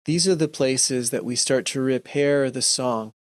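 A man giving a gentle, earnest talk to a Christian audience, often restarting his sentences and acting out short examples. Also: medium pitch, a little slow, no echo, studio quality. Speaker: speaker giving a Lenten talk.

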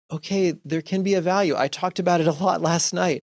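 Earnest man giving a gentle Christian talk. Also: fairly high pitch, fairly even intonation, normal speed, no echo, studio quality. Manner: gentle, earnest, with frequent restarts and acted-out examples. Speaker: speaker giving a Lenten talk. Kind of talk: reflective talk to a Christian audience.

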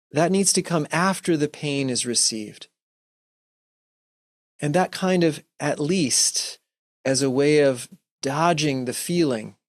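A man giving a gentle, earnest talk to a Christian audience, often restarting his sentences and acting out short examples. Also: on the high side, dry recording, clean studio sound. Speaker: speaker giving a Lenten talk.

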